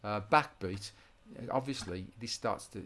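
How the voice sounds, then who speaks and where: A man's voice: on the low side, unhurried, fairly bright tone. A man teaching a guitar rhythm lesson in an informal way, often restarting his sentences and counting beats aloud.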